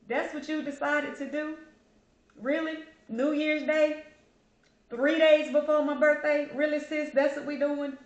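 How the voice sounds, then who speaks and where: A woman speaks straight to her camera in a personal vlog, grieving and fighting back tears. She stays candid and heartfelt, calls her viewers y'all, and sits at a middle pitch in a room with a noticeable echo. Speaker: channel host.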